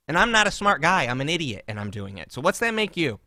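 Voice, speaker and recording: Animated, mocking young man ranting. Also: fairly high pitch, quick pace, few pauses, no echo. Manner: animated, mocking, swings into loud sarcastic outbursts. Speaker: podcast co-host. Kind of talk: casual comedic rant.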